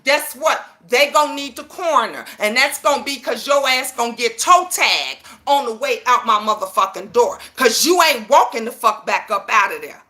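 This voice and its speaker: High, sharp-voiced woman in her fifties ranting. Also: expressive, normal speed, hardly any pauses. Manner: profane, emphatic, confrontational, repeats for emphasis; keeps asking viewers if they understand. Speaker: YouTube commentator. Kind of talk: heated personal rant to viewers.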